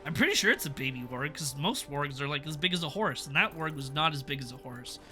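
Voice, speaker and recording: A man's voice: on the high side, expressive, fast, pushed and bright, soft background music. A young man chatting casually on a live stream, reviewing a TV episode in a rambling, laughing way. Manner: rambling, self-interrupting, laughs often.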